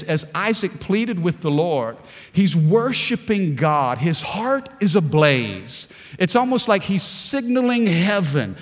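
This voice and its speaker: Impassioned preacher in a reverberant hall. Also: male voice, fairly high pitch. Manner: impassioned preaching with call-and-response prompts; stammering restarts. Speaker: pastor. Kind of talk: sermon.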